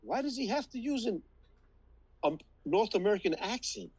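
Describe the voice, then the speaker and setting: A man making his case in a podcast chat, his voice husky and swinging widely in pitch. He restates points insistently, stumbling and restarting as he pushes on. The sound is dry. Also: expressive, moderate pace, darkish tone, no room sound, rough recording. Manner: emphatic, repeats himself to drive points home. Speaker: podcast co-host. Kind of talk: casual movie-review chat.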